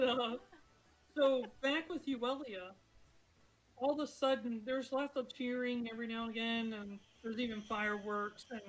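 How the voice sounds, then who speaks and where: Woman GM, slightly high voice, relaxed and chatty tabletop narration. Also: poor audio. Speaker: game master.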